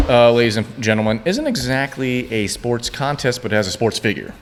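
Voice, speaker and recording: A man's voice: medium pitch, expressive, a little fast, slight background noise. Man, podcast co-host who steers the show, upbeat and joking, reverberant room. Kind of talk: casual chat.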